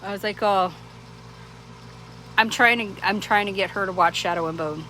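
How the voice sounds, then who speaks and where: A woman's voice: medium pitch, normal speed, sharp tone, low-quality recording. A woman vlogger chatting casually to the camera, rambling and laughing often, with many restarts. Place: small town in Arizona. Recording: clear background noise.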